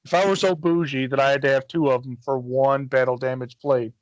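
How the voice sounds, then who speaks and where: A man's voice: medium pitch, steady tone, fairly quick, no echo, lo-fi sound. A middle-aged man from Michigan, co-hosting a podcast and telling a long rambling story in casual chat, swearing freely and acting out what people said. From Michigan, USA. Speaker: podcast co-host.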